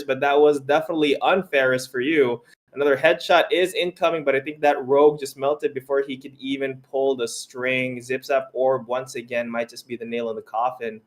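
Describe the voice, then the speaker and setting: A young man casting a live esports match, excitable and quick to laugh as he banters with his co-caster. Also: medium pitch.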